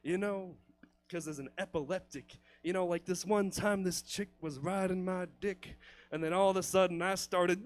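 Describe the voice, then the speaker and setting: Stand-up guy at a club, pretty high voice, swears a lot, cracks himself up. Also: steady tone, moderate pace. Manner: loose, profane, laughs at own jokes. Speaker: stand-up comedian. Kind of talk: stand-up comedy set. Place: comedy club stage.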